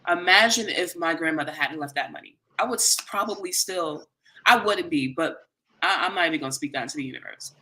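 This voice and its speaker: Bright-voiced earnest storyteller. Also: medium pitch, a little fast. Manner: animated, earnest, conversational, quotes others in dialogue. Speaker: host. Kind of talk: personal storytelling monologue.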